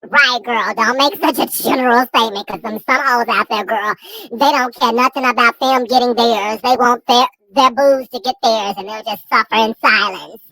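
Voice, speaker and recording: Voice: mid-range voice, normal speed, vocal fry, bright, forceful tone, no room sound, poor audio. An adult friend in casual podcast chat, gossiping in a sassy, profane way.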